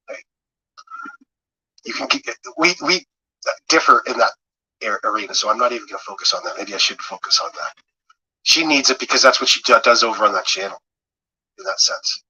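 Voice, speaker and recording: A man comments in a measured, dismissive way, his voice husky and sharply bright. He sounds casual and unhurried. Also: mid-range voice, rough recording.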